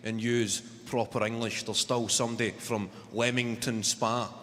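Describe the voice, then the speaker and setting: A man with a Glaswegian Scottish accent performing a stand-up comedy set, telling stories quickly and mimicking other voices. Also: mid-range voice, little pitch movement. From Scotland. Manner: quick storytelling, mimics posh English voices. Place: large theatre stage. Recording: live hall with loud crowd noise.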